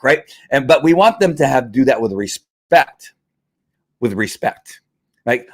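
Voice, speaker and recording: A man's voice: mid-range voice, expressive, unhurried. A man hosting a live stream, explaining dog training in a conversational, repetitive teaching manner with fillers. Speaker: livestream host and dog trainer.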